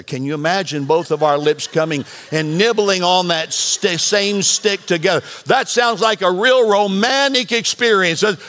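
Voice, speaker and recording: A man preaching a sermon as pastor, animated and bantering with the congregation. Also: high voice, moderate pace, few pauses. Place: church sanctuary.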